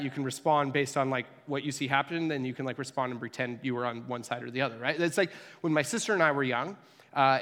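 A young man preaching a relaxed, conversational sermon, quick to joke and act out little voices in his stories. His voice sits a bit high for a man. It rings with the long echo of a large hall. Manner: chatty and joking, acts out little voices in stories. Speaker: pastor.

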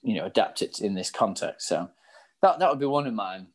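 A man's voice: on the low side, animated, brisk. A man in casual chat as co-host, talking about coaching and studies, laughing easily at himself. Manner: laughs easily, self-deprecating.

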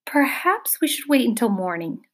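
A timid young boy, earnest and a little flustered, stammering as he tries to explain himself, as a woman voices him in a storybook. His voice rides high and bright above the narration. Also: sing-song, moderate pace. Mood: timid, pleading. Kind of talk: audiobook character voice.

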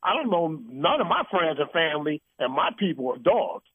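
A man's voice: a little high, big pitch swings, brisk, husky, dry recording. A man hosting an uncensored call-in talk show, ranting bluntly and heatedly. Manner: blunt, heated ranting with mocking put-on quotes. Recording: phone-line sound.

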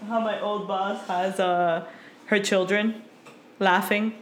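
A woman in her thirties co-hosting a chatty podcast, speaking at a middle pitch. She is blunt and jokey, and she swears in an offhand way. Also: fairly even intonation, slow, a little hiss or hum. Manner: blunt, joking, swears casually. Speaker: podcast co-host. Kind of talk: casual chat.

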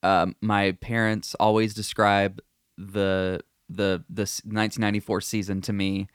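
A man's voice: lowish voice, little pitch movement, a little slow, clean tone, no echo. A man co-hosting a podcast, trading dry jokes and reading headlines aloud in casual chat. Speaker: podcast co-host.

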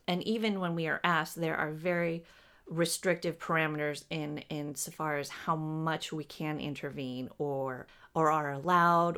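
A woman channeling spiritual teaching, speaking as a collective "we" in a measured, explanatory way. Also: low voice, fairly bright tone.

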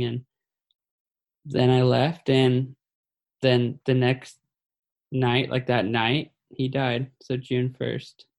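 A man sharing a personal story in a halting, somber way. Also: medium pitch, vocal fry, darkish tone. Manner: halting, full of fillers and restarts; somber, grieving.

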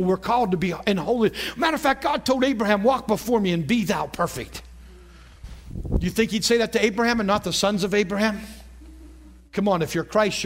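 A man preaching a sermon, telling a story from his ministry and repeating key phrases for emphasis. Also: high voice. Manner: talks straight to the audience with calls like "come on".

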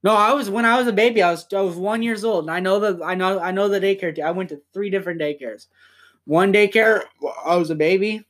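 A young man hosting a casual podcast from home, rambling and swearing as he talks in quick bursts. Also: high voice, fairly bright tone. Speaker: podcast host.

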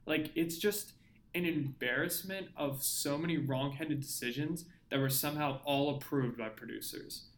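Young guy on a podcast, kinda high voice, mocking and sarcastic, casual movie rant. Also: normal speed. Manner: sarcastic, mocking retellings with frequent laughing. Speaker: podcast co-host. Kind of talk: casual movie-review chat.

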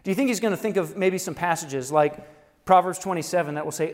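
A pastor with a slightly high voice delivers a sermon in a big room with a long reverb tail. He preaches conversationally, firing off rhetorical questions and chuckling at his own points. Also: fairly quick.

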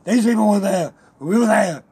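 A man's voice: high voice, animated, brisk, gravelly, a little mellow, breathy edge, exaggerated voice. A man putting on a boastful, foreign-accented action-hero governor during a goofy podcast chat, mangling place names.

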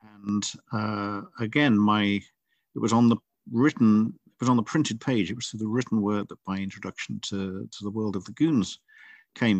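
Middle-aged man, author being interviewed, low-leaning voice, reflective and meandering. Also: dry recording. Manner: thoughtful, rambling with frequent restarts. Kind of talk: casual interview chat.

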